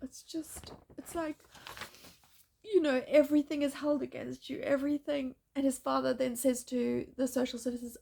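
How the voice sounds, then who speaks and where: A woman speaking in a distressed, halting personal monologue, pleading and breaking off mid-sentence. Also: high voice, fairly even intonation, creaky, darkish tone. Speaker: mother in a custody dispute.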